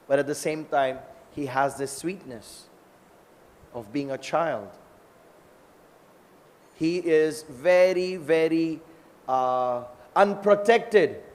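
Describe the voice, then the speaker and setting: Man giving a scripture talk, slightly high voice, chatty storytelling, long hall echo. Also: a little mellow. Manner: storytelling, conversational with tag questions. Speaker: lecturer. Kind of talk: scripture lecture.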